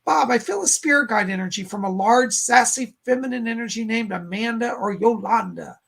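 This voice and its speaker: Male psychic host on a live stream, gravelly and breathy, chatty while relaying messages to viewers. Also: extremely high pitch, moderate pace, a bit bright. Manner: relays spirit messages and thanks donors by name, conversational.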